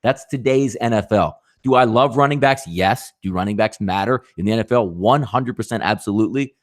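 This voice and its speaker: A man's voice: lowish voice, fairly quick. A man hosting a live sports betting show, talking animatedly with rhetorical questions and addressing viewers as folks.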